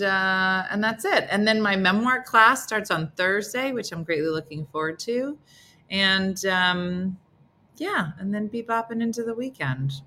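Woman, morning show host, bright voice, playful, teasing, casual comedic chat. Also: medium pitch. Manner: playful, teasing, laughs often.

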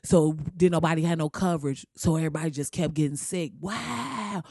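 A man's voice: fairly high pitch, a little fast, creaky, a little mellow, no room sound, studio quality, pitched below the performer's own voice. A man putting on the voice of a bewildered former president, firing off incredulous questions and coughing. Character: bewildered ex-president man, returning to a ruined world.

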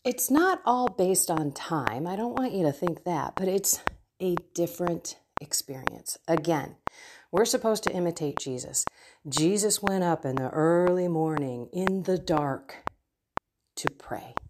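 A middle-aged woman hosting a faith podcast, talking earnestly about her prayer life with personal stories and soft asides. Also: lowish voice, expressive, a little slow, noisy background. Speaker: Catholic podcast host. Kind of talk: reflective faith talk.

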